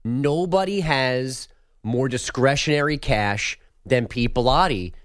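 A speaker on a sports radio show talking in a mock-aggrieved, deliberate way. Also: mid-range voice, no echo, clean studio sound. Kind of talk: casual sports radio chat.

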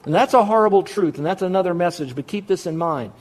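A man's voice: high-pitched, quick pace. A man preaching a sermon as a pastor, stressing key words through repetition and asking rhetorical questions that he answers himself. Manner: emphatic, repeats key words, asks and answers his own questions.

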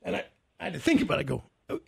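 A man's voice: fairly high pitch, big pitch swings, racing, vocal fry, breathy edge, no room sound, studio quality. A man chatting casually as a podcast co-host, joking and laughing a lot as he swaps stories. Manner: joking, laughs often, restarts words. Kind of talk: casual chat.

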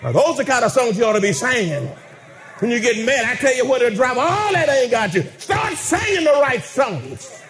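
A man preaching a fervent sermon, chanting hymn lines and shouting to the congregation. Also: very high-pitched, big pitch swings, normal speed, a little hiss or hum.

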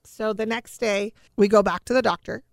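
A middle-aged woman casually telling a personal family story, animated and full of conversational fillers. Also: mid-range voice, normal speed, gravelly, no echo, clean studio sound. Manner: animated, acts out quoted dialogue.

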